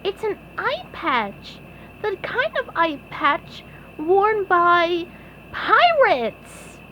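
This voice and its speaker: A woman voicing an eager young male sea sponge detective from a cartoon storybook, squeaky and earnest. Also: big pitch swings, extremely slow, dull audio, a little hiss or hum, heavily acted. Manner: squeaky and earnest, stammers when scared.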